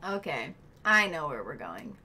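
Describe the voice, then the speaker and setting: A woman's voice: deep voice, big pitch swings, unhurried, pushed and bright, husky. A woman streaming herself playing a video game, chatting casually with viewers and friends in the room.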